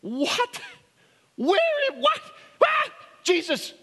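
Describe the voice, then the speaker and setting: A pastor putting on an impulsive, eager disciple, high and blurting. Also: male voice, wildly swooping pitch, extremely slow, bright, forceful tone, heavily acted. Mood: protesting. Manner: blurting, exclamatory. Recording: long reverb of a hall.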